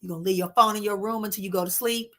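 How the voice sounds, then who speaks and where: A woman hosting a casual spiritual livestream, talking warmly to her viewers and reassuring them with slow, repeated phrases. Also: medium pitch, steady tone. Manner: warm, reassuring, addresses viewers as "my love" and "honey"; drawn-out soothing repetitions.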